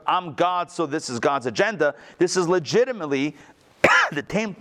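A man teaching a Torah text-study class in a conversational way, asking the class rhetorical questions and swinging his pitch for emphasis. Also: a bit bright.

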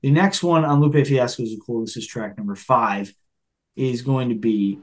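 A man's voice: medium pitch, normal speed. A man co-hosting a podcast, musing and hedging, then introducing the next track. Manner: musing, hedging, hosts the segments. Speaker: podcast co-host. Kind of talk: casual album discussion.

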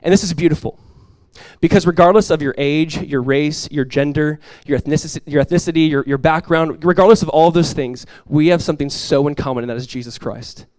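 A man preaching a sermon as pastor, conversational and lively, telling stories and acting out quoted voices. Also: on the high side, a little fast, no echo.

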